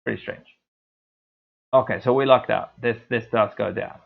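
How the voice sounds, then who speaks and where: Over tinny, phone-like audio, a gaming streamer with a gravelly, medium-pitched voice chats casually about his gameplay at a moderate pace. He rambles and jokes self-deprecatingly about his own voice.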